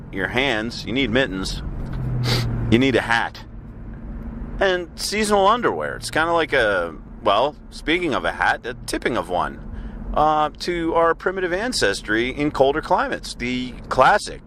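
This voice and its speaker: A man hosting a comedic audio journal, rambling in a halting, apologetic way with frequent stammers and restarts. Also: mid-range voice, pushed and bright, slight background noise. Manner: apologetic, halting, stammering, with sudden sung outbursts. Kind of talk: rambling deadpan comedic monologue.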